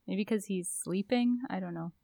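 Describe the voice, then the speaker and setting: Female co-host at a middle pitch, chatty and musing, recorded dry and close. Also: moderate pace, mellow, no echo. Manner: chatty, musing, with fillers and restarts. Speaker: podcast co-host. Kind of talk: casual chat.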